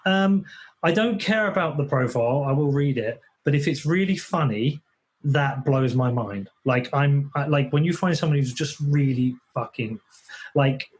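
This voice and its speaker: Blunt English man, husky voice. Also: mid-range voice, moderate pace. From England. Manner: blunt, swears, many restarts. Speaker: podcast guest. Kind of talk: casual chat.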